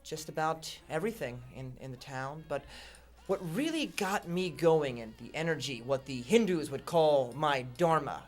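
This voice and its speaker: Male guest, slightly high voice, pompous sermon-style satire. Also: a bit bright. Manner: grandiose preacher-like delivery. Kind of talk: satirical in-character comedy.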